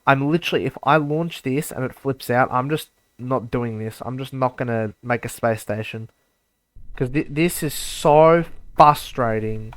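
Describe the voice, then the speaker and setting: Bright-voiced frustrated gaming commentator man. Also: fairly high pitch, lively intonation, brisk, no room sound. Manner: exasperated, talks straight to viewers, exclaims and mutters. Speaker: gaming YouTuber. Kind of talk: live gameplay commentary.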